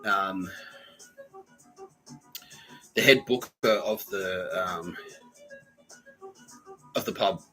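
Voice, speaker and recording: A man's voice: low-pitched, very slow, long pauses, sharp tone, soft background music, rough recording. A man hosting a podcast, telling a rambling, profane story with lots of laughter. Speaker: podcast host. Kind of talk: casual storytelling.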